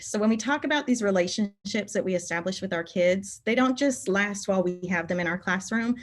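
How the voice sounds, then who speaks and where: A woman telling heartfelt stories at a keynote. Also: mid-range voice. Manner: animated, emotional storytelling, voice rising when moved. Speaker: keynote speaker, teacher. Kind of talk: conference keynote storytelling.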